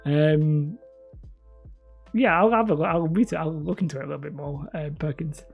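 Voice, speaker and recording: A woman's voice: low voice, moderate pace, creaky, slightly rough, narrow, tinny audio, soft background music. A woman hosting a casual livestream, reading viewer comments in a rambling, self-deprecating way and laughing often. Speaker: livestream host.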